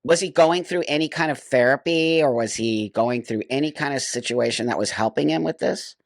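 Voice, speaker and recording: A man's voice: mid-range voice, fairly quick, creaky, no room sound, studio quality. A man hosting an interview, emphatic and affirming, with many short backchannels. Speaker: host, interviewer. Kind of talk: conversational interview.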